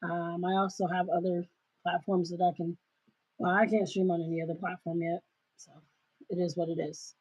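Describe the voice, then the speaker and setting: A woman hosting a casual livestream, talking loudly and emphatically into her cell phone. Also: lowish voice, flat delivery, moderate pace, long pauses, breathy edge. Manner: loud, emphatic, ranting. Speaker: livestream host. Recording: dull cell-phone recording.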